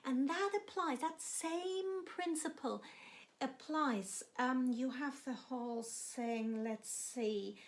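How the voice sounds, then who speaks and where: High-voiced woman teaching cello. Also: slow pace. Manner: warm, encouraging explanations. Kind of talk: instructional music lesson.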